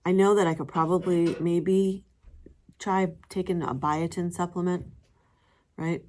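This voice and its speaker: A woman's voice: fairly low pitch, steady tone, unhurried, a little mellow. A middle-aged woman chatting casually to camera as a vlogger, rambling with fillers and laughing often.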